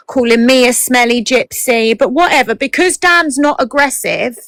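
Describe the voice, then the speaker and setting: A blunt woman in a heated argument, swearing and indignant. Her voice is high and sounds dry and close, with no room around it. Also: normal speed, few pauses, a bit bright, no echo, low-quality recording.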